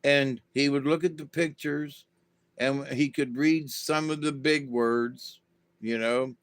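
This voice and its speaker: A man's voice: medium pitch, fairly even intonation, slow, no echo. A man giving a casual, rambling monologue to his viewers in a folksy manner, full of "you know" asides. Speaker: vlogger.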